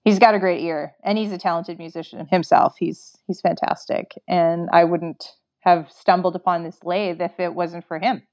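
A woman's voice: lowish voice, fairly even intonation, normal speed, hardly any pauses, darkish tone, highs cut off. Chatty Canadian woman telling a story. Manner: chatty, acts out her own past dialogue, many filler likes. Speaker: interview guest, record maker. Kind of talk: casual storytelling.

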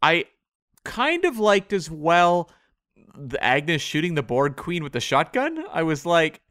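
A man co-hosting a casual podcast, talking in a thoughtful, measured, hedging way. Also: fairly high pitch, sing-song, a bit bright, no room sound, studio quality. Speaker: podcast co-host. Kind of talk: casual discussion of a TV episode.

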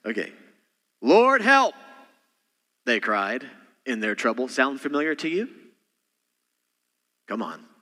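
Bright-voiced man preaching in a reverberant hall. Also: medium pitch. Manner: dynamic preaching, swings between loud emphasis and quiet asides. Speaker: senior pastor. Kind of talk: sermon.

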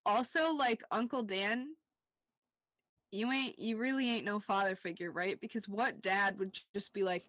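A woman's voice: mid-range voice, measured pace, fairly bright tone, dry recording. A young woman co-hosting a rewatch podcast, recapping scenes in casual chat, laughing often and saying "like" a lot. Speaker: podcast co-host.

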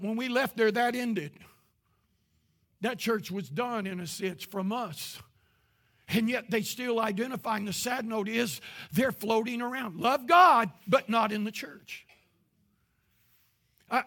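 A man, preaching a sermon as pastor with impassioned rises into shouting. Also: extremely high pitch.

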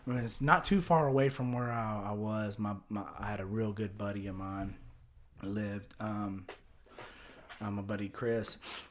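As a guest on a podcast, a Texan from around Houston rambles through a long personal story, repeating words and performing other people's lines. He talks at a measured pace in a fairly low, fairly even voice, with slight background noise behind him.

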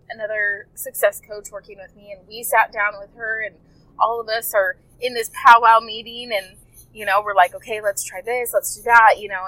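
A woman's voice: mid-range voice, a bit bright, dry recording, rough recording. Rambling heartfelt woman coach. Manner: rambling, self-correcting, heartfelt. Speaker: health coach podcaster. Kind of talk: casual storytelling to listeners.

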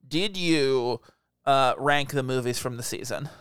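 A young man co-hosting a podcast in casual chat, playful and contrary, quick to laugh. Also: medium pitch, a bit bright, smooth, no echo, clean studio sound. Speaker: podcast co-host.

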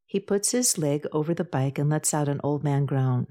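A female audiobook narrator with a notably low voice reads a novel from a script. Her storytelling pace is measured and even, and she voices the characters' dialogue within the narration.

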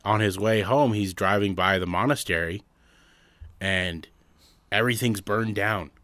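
A man's voice: fairly low pitch, measured pace, fairly bright tone, dry recording. A man telling long shaggy-dog pun stories in casual chat, rambling and restarting often. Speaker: joke teller.

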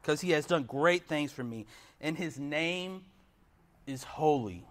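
A man's voice: on the high side, slow. A young man preaching a sermon in an earnest way, often putting questions to his listeners. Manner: earnest, asks the congregation questions.

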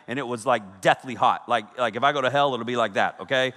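A man in his thirties preaching a sermon, telling stories with energy that swings from loud bursts to hushed, serious points. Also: mid-range voice, brisk. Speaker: pastor. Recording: long hall reverb.

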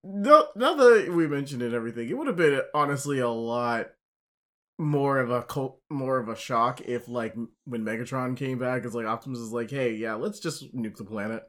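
A man's voice: medium pitch, moderate pace, a bit bright. A man co-hosting a casual movie podcast, chiming in with knowledgeable details. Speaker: podcast co-host. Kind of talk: casual chat.

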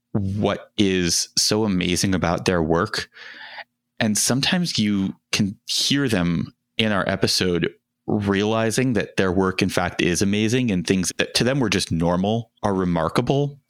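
A man's voice: lowish voice, a bit bright, clear, resonant tone, no room sound. A man hosting a podcast, speaking in a reflective, sincere way about the show. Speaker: podcast host. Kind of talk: casual podcast conversation.

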